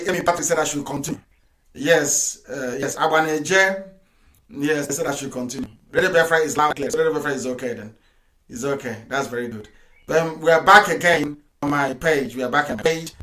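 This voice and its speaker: A middle-aged Nigerian-accented man speaks in a fairly high, sharp and forceful voice. He is emphatic, hammers his points home by repeating phrases, and chuckles between lines. His voice rings in an echoey room. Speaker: live broadcaster. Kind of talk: live radio and online broadcast address.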